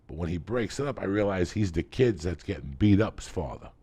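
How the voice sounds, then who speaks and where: A man, hosting a podcast and telling a story loudly, swearing constantly and acting out every voice. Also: sits low, brisk, husky. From North Bergen, New Jersey. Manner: loud, animated, swears constantly, acts out every voice. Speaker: podcast host. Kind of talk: profane storytelling in casual chat.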